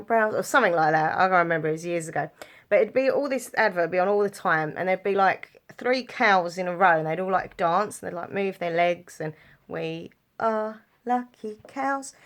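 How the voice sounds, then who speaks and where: A young woman talks casually to her viewers, her voice sitting a little low. She rambles from story to story, giggling and filling gaps with ums and likes. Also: a bit bright. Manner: chatty, giggly, rambling with lots of fillers. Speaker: vlogger. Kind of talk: casual chat to camera.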